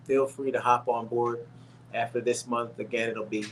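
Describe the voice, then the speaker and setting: A man's voice: mid-range voice, flat delivery, moderate pace, slight background noise. A man hosting a casual livestream, rambling in a friendly way with many fillers and restarts, and calling his viewers folks. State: a little winded and tired. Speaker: livestream host.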